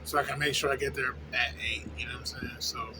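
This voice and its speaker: A young man who works at a fast-food place, venting in a casual, profane, rambling way and often asking "you know what I'm saying?". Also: medium pitch, fairly even intonation. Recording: noisy background with vehicle sounds.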